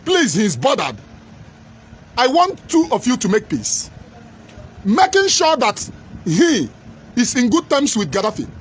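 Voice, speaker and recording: A man's voice: extremely high pitch, a little hiss or hum. A man giving an emphatic, repetitive political commentary monologue.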